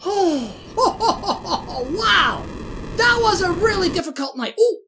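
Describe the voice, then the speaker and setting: A woman hosting a gaming video, excitedly talking to herself while she plays. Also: extremely high pitch, measured pace, background noise. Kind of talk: let's play commentary. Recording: game music loud behind voice. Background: game music.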